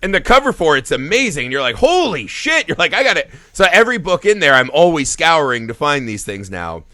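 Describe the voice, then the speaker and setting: A man's voice: fairly high pitch, brisk, no echo, studio quality. A man co-hosting a film podcast, talking casually and with energy, swearing freely and laughing often. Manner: animated, profane, laughs often. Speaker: podcast co-host.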